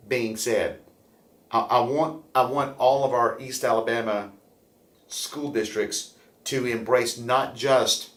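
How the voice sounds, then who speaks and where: A man hosting a local morning show, rambling and upbeat, often repeating words as he talks. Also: mid-range voice. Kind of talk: casual local news talk. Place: room at a chamber building. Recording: roomy echo.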